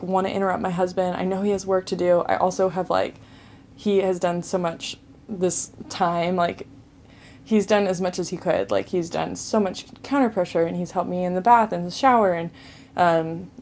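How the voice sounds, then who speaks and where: A young woman with a slightly low voice recounts a personal story in a loose, chatty way. She leans on "like" constantly and talks as if reliving each moment. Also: a little mellow. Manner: chatty, says "like" often, relives distress. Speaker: vlogger telling her birth story. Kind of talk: casual storytelling to camera.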